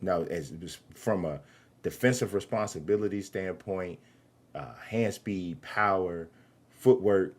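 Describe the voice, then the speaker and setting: A man's voice: deep voice, unhurried. A man interviewing a guest, talking in an easygoing, agreeable way with a lot of "yeah.". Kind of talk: casual interview chat.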